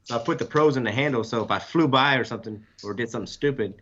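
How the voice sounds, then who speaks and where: A man, a window cleaner guest, talking in a relaxed, matter-of-fact way in casual chat. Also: medium pitch, rapid-fire. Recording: dull lo-fi line.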